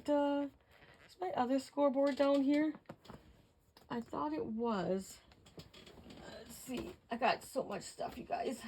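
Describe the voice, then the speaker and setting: Chatty woman with a higher voice teaching a craft. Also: fairly bright tone, a little hiss or hum. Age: older. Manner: chatty, talks to viewers while working, counts out measurements. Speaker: craft tutorial host. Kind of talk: casual crafting tutorial.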